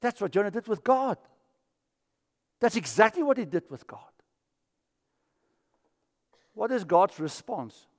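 High-voiced pastor preaching. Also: male voice, big pitch swings, unhurried, long pauses, big-room sound. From South Africa. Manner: storytelling, acts out quoted voices. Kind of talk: sermon.

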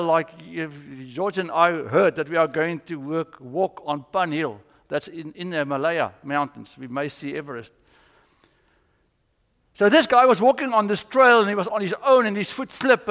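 A pastor preaches in a church sanctuary with a high-pitched, fairly bright voice, the recording marked by long church reverb. His sermon is earnest and full of stories as he teaches.

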